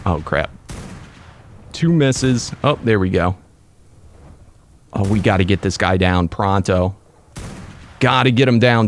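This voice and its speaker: A young man commentating his own gameplay, excitable and quick to break into frustrated outbursts. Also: lowish voice, a little hiss or hum. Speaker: let's play gamer.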